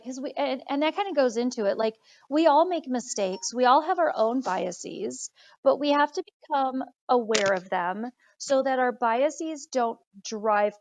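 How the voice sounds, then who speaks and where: A woman's voice: a little high, a little mellow, no room sound. A woman guest on an interview, an instructional coach, explaining her points earnestly and methodically. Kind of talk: casual interview chat.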